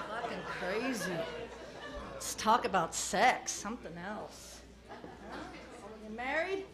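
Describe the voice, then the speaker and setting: A woman's voice: medium pitch, animated, slow pace. A woman doing crude, brash stand-up comedy on a club stage, heckling the audience. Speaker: stand-up comic. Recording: live club recording with crowd laughter and noise.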